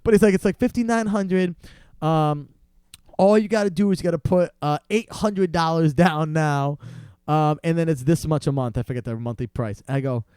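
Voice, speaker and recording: This young man's smooth voice sits on the high side and moves at a moderate pace as he tells a long story as a podcast guest. Animated, he voices the salesmen he quotes, and the studio sound is clean with no room sound.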